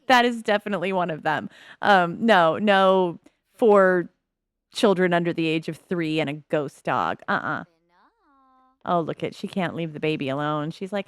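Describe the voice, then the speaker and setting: A woman chatting casually as she plays a life-simulation game, musing aloud with soft laughs. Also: on the low side, lively intonation, normal speed, clear, resonant tone, no room sound. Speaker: gameplay commentator.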